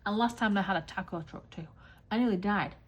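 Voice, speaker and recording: An English woman rambles through a casual vlog chat, animated and quick to swear. Her voice sits at an ordinary middle pitch. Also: dull audio, background noise. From England. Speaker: craft vlogger. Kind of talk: chatty vlog monologue.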